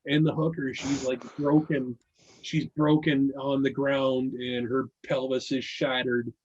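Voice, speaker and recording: A man telling a crude story in casual talk, animated, swearing freely and acting out quotes. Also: mid-range voice, unhurried, slightly rough, highs cut off.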